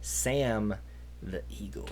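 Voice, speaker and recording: A man's voice: on the low side, very slow, darkish tone. A man hosting a live trivia stream in casual chat, rambling onto tangents. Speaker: trivia host.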